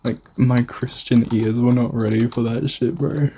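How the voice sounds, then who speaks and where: A man's voice: medium pitch, fairly even intonation, normal speed, gravelly, mellow, slight background noise. A young Australian man casually narrating a tour of his game build, rambling, swearing and mocking himself. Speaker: gamer showing a build.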